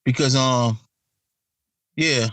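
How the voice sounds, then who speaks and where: A man's voice: medium pitch, drawn-out words, a bit bright, no room sound. A man on a casual podcast, bantering brashly with profane jokes and frequent laughter. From Chicago. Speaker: podcast co-host. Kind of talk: casual chat.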